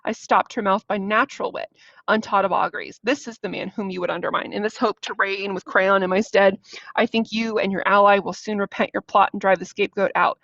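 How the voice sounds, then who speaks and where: A furious, proud king hurls accusations in a gravelly, scornful voice, as a woman reads him aloud. The recording is dull and dry, with no room sound. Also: mid-range voice, steady tone, fairly quick, fairly bright tone, dry recording, close to an everyday voice. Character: proud angry male king.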